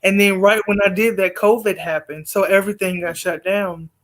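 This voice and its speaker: A man's voice: sits high, steady tone, moderate pace, a bit bright. A man guest on a video call telling a long story casually, rambling with fillers and acting out quoted exchanges. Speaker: guest poet.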